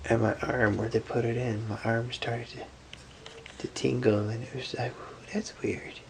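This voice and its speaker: Brief: tired man, gravelly fry, hushed late-night vlog storytelling that spikes into animated bursts. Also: mid-range voice, normal speed, a little hiss or hum, poor audio. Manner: hushed, drowsy storytelling that swings from whispers to animated outbursts. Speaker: vlogger. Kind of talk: late-night personal vlog, half-whispered.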